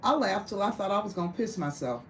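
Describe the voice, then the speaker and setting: A woman's voice: mid-range voice, lively intonation, fast talker, gravelly, slight background noise, poor audio. A woman telling a rowdy, profane story in casual conversation, often breaking into laughter. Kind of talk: casual storytelling to a small audience.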